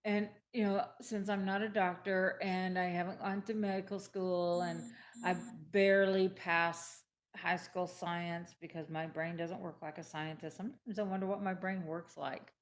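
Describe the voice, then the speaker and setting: A woman's voice: lowish voice, flat delivery, moderate pace. A woman telling a personal story in a casual, emphatic way, repeating her points and acting out the dialogue she quotes.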